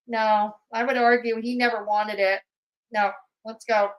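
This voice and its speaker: A woman runs a live commentary stream, her voice sitting high. She talks back to the clips with sarcastic, mocking jabs. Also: level tone, unhurried, low-quality recording. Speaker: commentary channel host.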